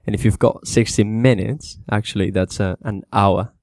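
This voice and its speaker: A man with a fairly low voice teaches basic English vocabulary in a loose, chatty way. He slows down to model each word's pronunciation for Spanish-speaking learners. The sound is dry and close. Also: dry recording. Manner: relaxed, repeats words slowly to model pronunciation, mixes in Spanish. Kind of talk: casual spoken lesson for Spanish speakers.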